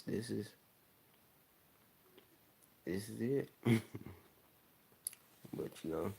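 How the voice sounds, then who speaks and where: A young man with a Southern country accent talks in a casual, rambling chat. His voice sits very low with a gravelly fry, and he slurs his words a little as he laughs his way through. The delivery stays loose and easygoing throughout. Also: a little mellow. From American South.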